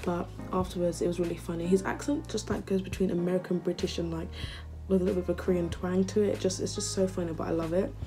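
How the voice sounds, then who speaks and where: A woman's voice: fairly low pitch, flat delivery, fast talker, dark tone. Gushing woman vlogger over music. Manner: chatty, gushing fan. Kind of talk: casual chat.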